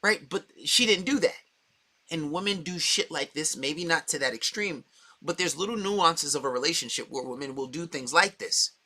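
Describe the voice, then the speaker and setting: A man in a dating-coach role delivers a heated, profane monologue. His voice sits a little high, and his tone is bright and forceful. He talks bluntly, with no softening. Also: normal speed. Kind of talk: opinionated monologue.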